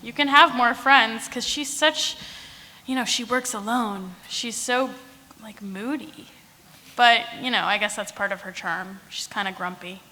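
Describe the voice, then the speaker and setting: A woman author answering fan questions on a convention panel, giggling often. She speaks slowly in a bright, fairly high voice. The sound has a long reverb from a big hall. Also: slight background noise. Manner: giggly, uses lots of fillers.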